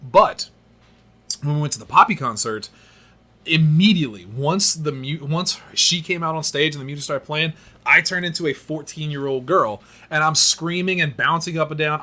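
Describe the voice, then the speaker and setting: A man hosting a podcast, telling stories in an animated, self-mocking way. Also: on the high side. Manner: animated storyteller, laughs at himself. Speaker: podcast host. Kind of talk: casual podcast chat.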